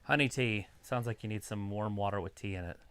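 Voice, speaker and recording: A man co-hosting a live stream in casual chat, making low-key, dry remarks. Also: brisk, a bit bright, smooth.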